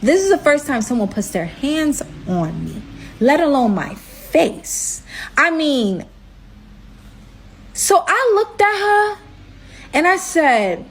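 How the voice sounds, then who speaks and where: A young woman from Brooklyn tells her story to the camera. Her voice sits a little high. She is animated and slangy and hits each point with emphasis. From Brooklyn, New York. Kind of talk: storytime vlog.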